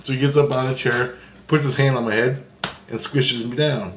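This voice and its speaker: Male storyteller, mid pitch, recounts a vision in a loose, repetitive monologue, recorded in an echoey room. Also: steady tone, brisk, a little hiss or hum. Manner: meandering, restarts often, repeats phrases. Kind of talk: rambling first-person account of a spiritual vision.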